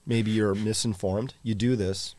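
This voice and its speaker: Low-voiced man co-hosting a chat show. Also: steady tone, unhurried, a little mellow, dry recording. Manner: conversational, reads viewer comments aloud. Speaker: podcast co-host. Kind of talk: casual chat with live audience.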